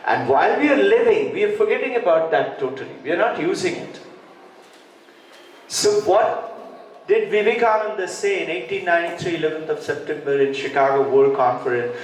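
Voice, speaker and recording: A man with a somewhat high voice tells parables to a room of teachers and gives each character a voice of his own. The sound rings around a large, very reverberant hall, and he is picked up from some distance away, with faint noise in the background. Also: expressive, normal speed. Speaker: school president addressing teachers. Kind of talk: inspirational talk with storytelling. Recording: very echoey hall, distant mic.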